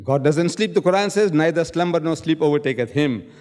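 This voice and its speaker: A man's voice: on the high side, lively intonation, a little fast, darkish tone, long reverb tail. A man arguing in a public debate, quoting scripture and hammering his points with repeated words. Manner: emphatic, quotes scripture, repeats key words. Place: lecture hall.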